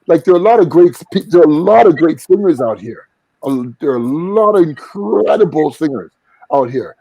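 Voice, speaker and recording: Earnest man with a mellow voice. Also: fairly high pitch, lively intonation, fairly quick, vocal fry, slightly rough, no room sound, low-quality recording. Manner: earnest, reflective, sings short vocal examples. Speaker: singer and vocal coach, guest. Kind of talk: casual interview talk.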